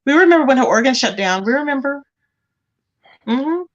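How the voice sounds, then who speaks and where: A woman's voice: sits high, normal speed, dull audio. A woman hosting a livestream, chatting casually and animatedly about celebrity gossip, calling people "child". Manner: animated, calls listeners "child". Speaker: livestream host.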